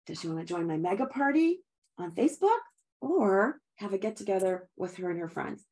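A woman's voice: mid-range voice, sing-song, fairly quick, a little mellow. A middle-aged woman giving an upbeat sales training talk, chatty and encouraging, often laughing and calling her listeners guys.

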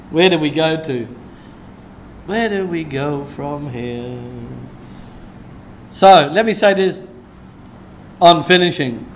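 A man preaching a sermon as a pastor, telling stories with a lively delivery and breaking into shouts of praise. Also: a little high, slow pace, pauses often, slight background noise.

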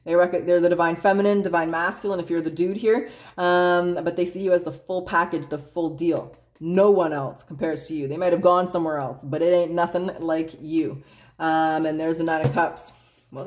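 A woman doing a casual tarot reading in a blunt, chatty way, swearing freely and laughing often. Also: on the low side. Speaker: tarot reader.

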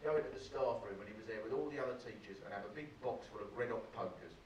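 A man's voice: on the low side, fast, a little mellow, lo-fi sound, a little hiss or hum. A man doing stand-up comedy on a club stage, telling chatty stories about school and acting out the people in them. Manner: chatty storytelling, acting out voices. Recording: roomy live club recording from a distance, crowd.

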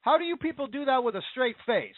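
American man, indignant rant, high lively voice, dry tinny phone-like sound. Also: fast, dry recording. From United States. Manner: indignant, ranting, repetitive. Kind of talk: opinion rant. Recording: dry, phone-like narrow audio.

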